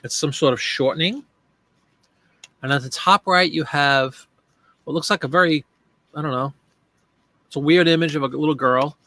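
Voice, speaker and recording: A man's voice: on the high side, moderate pace, pauses often, pushed and bright, no echo. A man hosting a casual live stream, thinking aloud as he works and chatting with viewers by name. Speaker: live-stream host and online seller.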